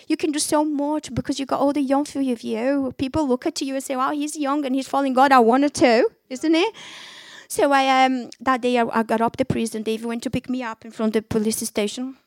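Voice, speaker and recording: High-voiced woman preaching her testimony. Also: no echo. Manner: fervent and exhorting, with non-native English grammar. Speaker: speaker giving her testimony. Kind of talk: testimony preaching to a young audience.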